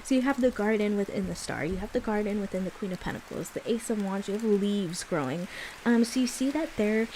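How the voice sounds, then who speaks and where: A woman's voice: medium pitch, brisk, darkish tone, a little hiss or hum, poor audio. A young woman giving a casual tarot reading, explaining the cards in a chatty way. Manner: chatty, explaining as she goes. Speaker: tarot reader.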